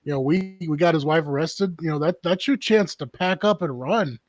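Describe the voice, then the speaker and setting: A man's voice: on the high side, moderate pace, dry recording. A man playing in a tabletop game, talking through his reasoning in a laid-back, casual way. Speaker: player.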